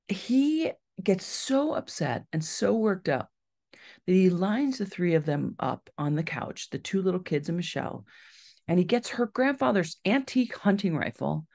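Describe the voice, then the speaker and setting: A woman's voice: mid-range voice, unhurried, vocal fry. A woman author giving a library talk, telling a true story and acting out the people in it. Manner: animated storyteller, acts out quoted voices. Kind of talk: storytelling lecture.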